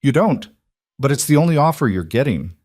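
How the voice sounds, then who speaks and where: A man's voice: mid-range voice, sing-song, brisk, darkish tone, no echo, voice pushed up. Cold disguised villain voiced by a man, clipped threats, dry close sound. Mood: menacing. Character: menacing man behind a voice disguiser, cold and demanding.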